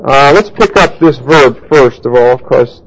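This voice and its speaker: Gravelly man teaching Bible Greek. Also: medium pitch, lively intonation, poor audio. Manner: deliberate, explanatory, spells out Greek words, writes on a board. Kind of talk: Bible study lecture.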